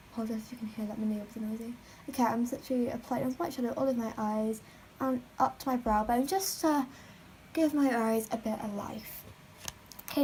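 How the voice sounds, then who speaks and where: A woman's voice: on the high side, a little mellow, slight background noise, low-quality recording. A teenage girl chatting through a makeup tutorial at home, rambling and filling her talk with "like.". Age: teens. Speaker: beauty vlogger.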